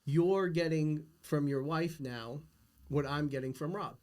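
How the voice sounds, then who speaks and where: A man's voice: fairly high pitch, measured pace, darkish tone. A middle-aged man hosting a casual podcast conversation, talking earnestly and insistently about big ideas. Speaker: podcast host.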